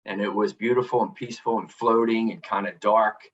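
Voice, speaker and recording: A man's voice: on the low side, fairly even intonation, a little fast, distant mic, highs cut off, a little hiss or hum. A middle-aged man, a podcast guest, telling a personal story earnestly and reflectively, often restarting with "you know". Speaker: podcast guest, author and coach. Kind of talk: candid storytelling interview.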